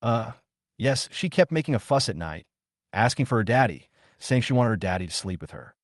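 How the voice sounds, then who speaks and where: A man's voice: mid-range voice, very animated, fairly quick, no room sound, studio quality. A man reading a weary young mother. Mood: worried.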